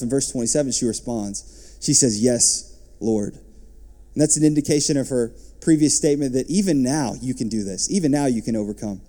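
A man as pastor, preaching a sermon and reading scripture, lifting his voice and dropping to soft asides. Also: medium pitch, fairly quick.

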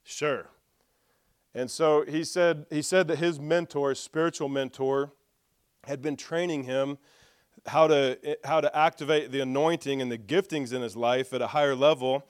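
A man with a slightly high, smooth and resonant voice preaches in a lively storytelling style. He acts out conversations, slips in jokes and addresses his listeners directly. The sound is dry and close. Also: moderate pace, no room sound. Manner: lively storyteller who acts out dialogue with humor. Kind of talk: storytelling sermon.

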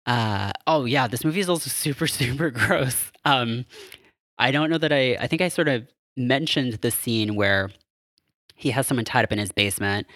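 A man's voice: medium pitch, normal speed, a bit bright, no room sound, studio quality. A man casually recapping a film as a podcast host, rambling and amused with lots of fillers. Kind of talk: casual chat.

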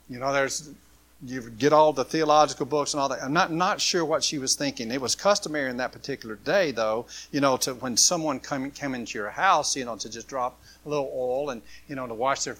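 A man preaching a sermon, swinging from loud, impassioned passages to hushed ones. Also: medium pitch, brisk. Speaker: pastor.

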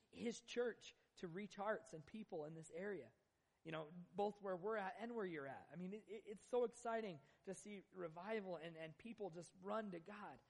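A young man preaching as guest pastor in a church, his voice a little high for a man. He is earnest and halting, stumbling over restarts as he talks. A long reverb tail hangs after each phrase. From Northern Utah, USA. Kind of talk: sermon. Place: church sanctuary.

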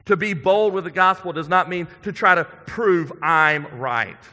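Bright-voiced man preaching in a reverberant hall. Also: sits high, unhurried. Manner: earnest, conversational preaching with emphatic swells and quiet drops. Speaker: pastor. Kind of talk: sermon.

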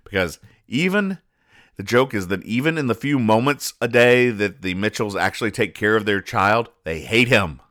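A man hosting a comedy podcast, explaining comic strips in a dry, sarcastic deadpan that often trails off quietly. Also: on the low side, moderate pace, dry recording. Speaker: podcast host.

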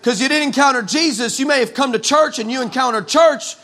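A man from El Paso preaching a comic storytelling sermon, animated and sarcastic, with many stammered restarts. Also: extremely high pitch, fairly quick. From El Paso, West Texas, USA. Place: church.

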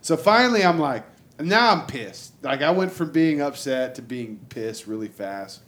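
A man telling a long road-trip story in casual, profane chat, jumping into higher voices to act out what people said. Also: moderate pace. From Texas. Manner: animated, acts out quotes in a raised voice, lots of "like" and swearing. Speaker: storyteller guest.

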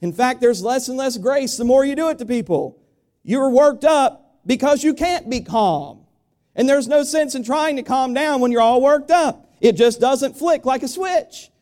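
A man preaching a sermon to his congregation, speaking conversationally and asking them rhetorical questions, building up in volume and then dropping to a quiet, confiding tone. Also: very high-pitched, expressive, a little slow. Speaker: pastor.

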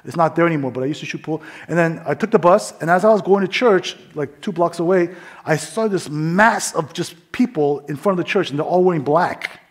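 A husky, slightly high-voiced middle-aged man preaching through a personal testimony. He tells it like a story, often dropping his voice to quiet asides. He is from New York. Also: fairly quick. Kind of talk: sermon testimony.

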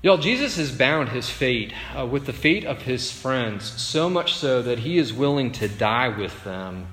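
A man's voice: medium pitch, expressive, measured pace, a bit bright. Pastor guy preaching, chatty, keeps asking "right?", big echoey hall w/ long reverb. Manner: conversational, frequent "right?" tag questions. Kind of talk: sermon.

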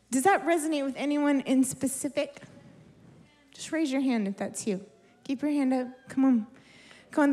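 High-voiced woman preaching with passion. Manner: impassioned, repetitive, building to shouts. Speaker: preacher giving prophetic words. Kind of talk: charismatic sermon. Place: church service in a warm room.

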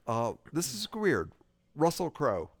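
Male podcast co-host with a lively, gravelly read, chatty and excitable. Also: a little high, dry recording, studio quality. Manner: animated, repeats himself, quick interjections. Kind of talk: casual movie chat.

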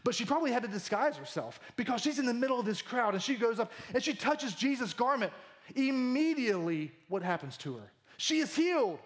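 A man in his thirties preaching a sermon, animated and jokey, acting out the lines he quotes. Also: extremely high pitch, fairly quick. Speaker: pastor.

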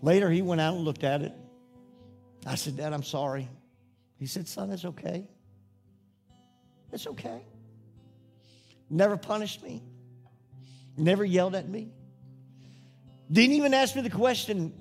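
A middle-aged preacher with a high, light voice tells a homey story from the pulpit and builds into earnest, fervent preaching. Faint music plays softly beneath him. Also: male voice, normal speed, long pauses. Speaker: pastor. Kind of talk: sermon with personal story.

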